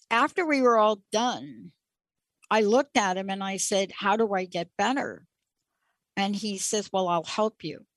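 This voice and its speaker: A middle-aged woman hosts a show and tells a personal story at a slow, unhurried pace. She sounds reflective and emphatic, and she leans on repeated words. Her voice is close and dry, with no room sound around it. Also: medium pitch, fairly bright tone, no echo. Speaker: show host.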